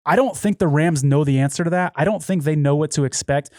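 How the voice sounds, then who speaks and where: A man co-hosting a sports podcast, rattling through point spreads and betting trends. His voice sits a bit high for a man, and the recording is dry and close. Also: fast, darkish tone, no echo. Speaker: podcast co-host. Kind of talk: casual sports betting chat.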